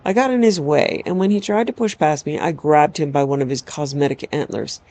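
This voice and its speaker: A woman's voice: sits low, brisk, dark tone. A woman narrating a first-person story aloud in a wry, dramatic storytelling manner. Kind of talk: storybook reading.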